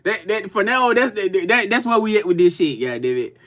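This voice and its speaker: Man, high voice, tarot reader on a livestream, loose and profane, talks straight to viewers. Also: very animated, brisk, a bit bright, slight background noise. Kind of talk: casual livestream chat.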